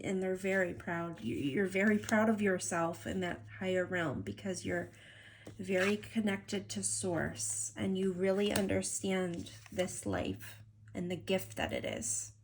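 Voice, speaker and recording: A woman's voice: mid-range voice, slight background noise. A woman giving a tarot card reading to camera, talking in a gushing, affectionate way.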